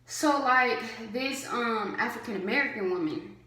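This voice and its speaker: A woman's voice: on the high side, lively intonation, normal speed, sharp tone. A young adult woman vlogger telling a story casually to camera, chatty and full of fillers. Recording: roomy echo.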